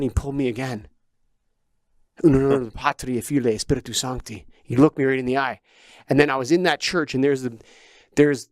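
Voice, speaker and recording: A man's voice: mid-range voice, no room sound, clean studio sound. A man hosting a podcast, telling a personal story in an emotional, rambling way, full of restarts and swearing. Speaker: podcast host. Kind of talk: casual storytelling chat.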